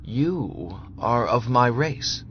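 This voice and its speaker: A man's voice: mid-range voice, animated, slight background noise. A man reading as a weary ancient immortal. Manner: slow, weary, solemn. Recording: dull lo-fi audio with music behind.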